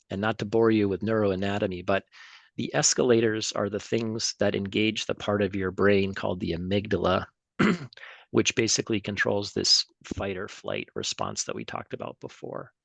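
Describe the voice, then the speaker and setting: A middle-aged man giving a relaxed presentation to an audience, hesitant with many ums and restarts, clearing his throat now and then. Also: fairly low pitch, normal speed, no echo. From United States. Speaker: emergency physician and tennis official giving a talk.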